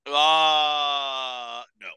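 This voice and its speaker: Young male co-host, opinionated and lively, crisp voice, dry close sound. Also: a little high, extremely slow, no room sound. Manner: animated, opinionated, profane. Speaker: podcast co-host. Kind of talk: casual podcast chat.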